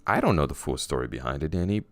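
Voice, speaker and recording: A man hosting a casual podcast, recapping a story in a teasing, deliberate way. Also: extremely low pitch, lively intonation, dry recording. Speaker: podcast host.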